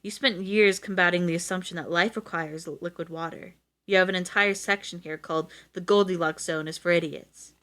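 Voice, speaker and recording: A woman's voice: lowish voice, fairly even intonation, a little fast, a bit bright, lightly acted. A woman reading aloud as a poised middle-aged female official who speaks in a cool, direct way. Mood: cool, businesslike.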